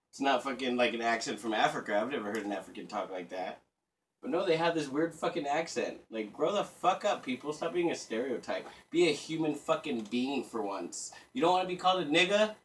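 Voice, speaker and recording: A man in his thirties rambles through a crude, sarcastic home rant full of swearing. His voice sits at an ordinary middle pitch. He sounds a little distant from the microphone, and there is faint room noise. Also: a bit bright. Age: 30s. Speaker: vlogger. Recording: voice a bit distant from the mic.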